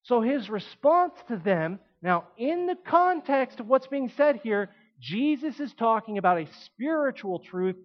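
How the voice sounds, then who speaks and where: A man preaching a sermon in an animated way, shifting between quiet explanation and emphatic points. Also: very high-pitched, highs cut off.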